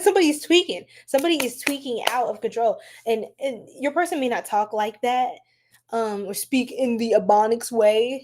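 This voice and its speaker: Casting: a higher-voiced American woman, a chatty livestream tarot reader who laughs a lot. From United States. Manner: chatty and animated, laughs often, addresses viewers. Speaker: tarot reader hosting a live stream. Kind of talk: casual live-stream tarot reading.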